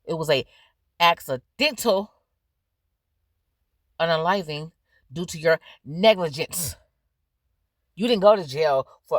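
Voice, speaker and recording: A young adult woman hosting a reaction video, giving blunt, profane, animated commentary in casual chat. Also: sits low, slow, pauses often, dry recording, studio quality.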